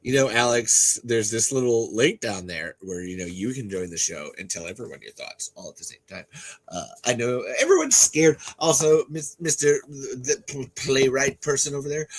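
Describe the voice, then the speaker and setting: Male host, husky voice, casual rambling livestream chat, loose and profane. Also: medium pitch, rough recording. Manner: rambling, swearing, laughing, many restarts. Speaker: podcast host.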